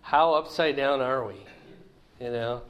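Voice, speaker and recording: A man's voice: medium pitch, a little slow, dull audio. A middle-aged man teaching a conversational Bible lesson in a folksy way, often checking in with his listeners. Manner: folksy, asks the listeners questions.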